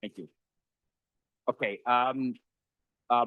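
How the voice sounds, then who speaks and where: A man's voice: fairly low pitch, normal speed, a bit bright. A man chairing a council meeting, speaking in a friendly, hesitant, informal way.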